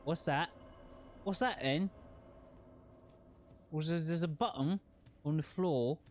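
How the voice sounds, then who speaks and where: Man, streamer, casual gameplay commentary, jokey, repeats phrases, fairly high voice. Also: slow.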